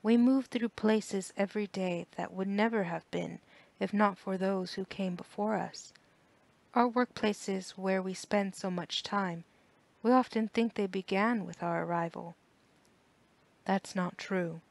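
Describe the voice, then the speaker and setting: A woman voicing a gentle, patient elderly widow who speaks kindly and softly in an audiobook. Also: mid-range voice, fairly even intonation, unhurried, gravelly.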